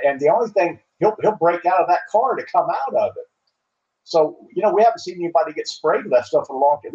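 A man's voice: a little high, darkish tone, lo-fi sound. A man, a police captain and trainer, talking in casual panel chat with folksy, wry, blunt remarks and many fillers.

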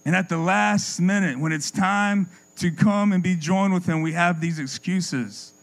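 A man preaching a sermon with passion, repeating words as he builds a point and dropping his voice low and soft for effect. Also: a little slow, low-quality recording.

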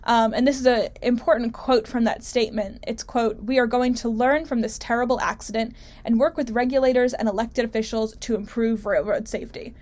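A woman's voice: on the high side, steady tone, brisk, few pauses, darkish tone. A woman hosting her own show, talking through a news story in an opinionated, casual way with frequent fillers and restarts. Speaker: show host.

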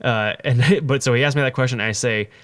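A young man telling a story in casual chat, rambling and animated. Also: medium pitch, fast. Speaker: podcast co-host telling a story.

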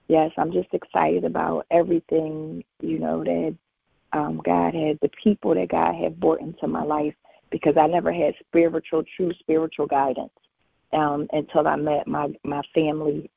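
A woman in her forties shares her faith testimony as a guest on a call-in show. Her voice is gravelly and husky, and it comes through a tinny phone line. She tells her story with animation and acts out the conversations. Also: deep voice, no echo. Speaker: featured guest.

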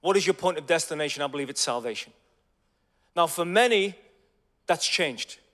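Male preacher, energetic storytelling sermon, slightly high voice, reverberant hall. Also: moderate pace. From Ireland. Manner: energetic, conversational, swings from loud to hushed.

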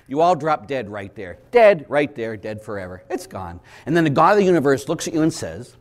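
Animated preaching man, lively pitch. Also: fairly quick, hardly any pauses. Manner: animated storyteller who acts out voices, sudden loud bursts, chuckles. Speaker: Catholic priest and speaker.

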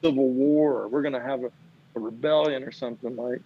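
A man's voice: mid-range voice, fairly even intonation, brisk, narrow, tinny audio. A man in casual chat, ranting with plenty of profanity and acting out the people he quotes.

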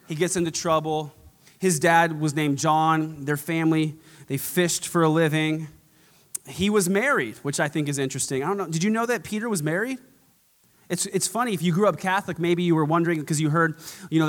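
A man's voice: fairly high pitch, a bit bright. A man preaching a sermon in a casual, conversational way, repeating phrases for dramatic emphasis. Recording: long hall reverb.

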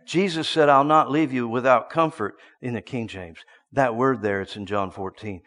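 A man preaching a sermon, telling a story and swinging from hushed asides to loud bursts. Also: mid-range voice, moderate pace, big-room sound.

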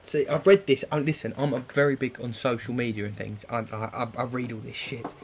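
A boisterous man bantering loudly with his mates and swearing freely. His voice is at a middle pitch, with a faint hiss in the background. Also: steady tone, fairly quick. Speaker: podcast co-host. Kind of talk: casual banter.

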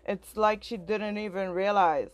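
A young woman rants angrily to a friend about something personal, rambling, swearing, and using constant filler words as her voice rises with her frustration. Her voice is medium-pitched with a steady tone and an unhurried pace, and there's no room sound.

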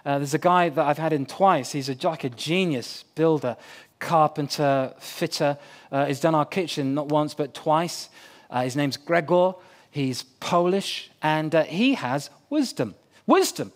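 A man's voice: a little high, unhurried. A man preaching a sermon in a conversational way, putting questions to his listeners. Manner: conversational, asks the crowd questions.

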